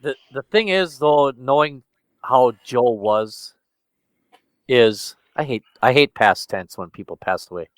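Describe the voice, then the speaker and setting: A man in a casual podcast chat, halting and searching for words, upset but still joking. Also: mid-range voice, smooth, dry recording.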